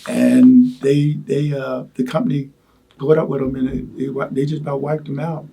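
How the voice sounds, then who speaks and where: An older man recalling his wartime experiences in an oral history interview, talking haltingly with many repeated words and asides. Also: mid-range voice, flat delivery, gravelly, dark tone, slight background noise. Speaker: Vietnam veteran interviewee.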